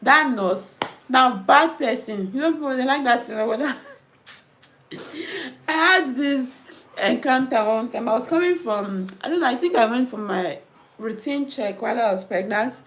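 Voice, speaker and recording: High-voiced Nigerian woman, chatty storyteller. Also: moderate pace. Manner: animated storytelling, mixing in pidgin. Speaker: nurse and host. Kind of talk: casual chat reading comments.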